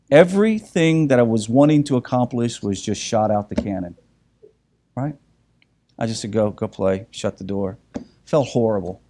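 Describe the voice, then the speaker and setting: Give me a mellow middle-aged man telling a story. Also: mid-range voice. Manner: animated, anecdotal, often asks "right?". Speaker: speaker giving a talk. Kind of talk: storytelling talk to an audience.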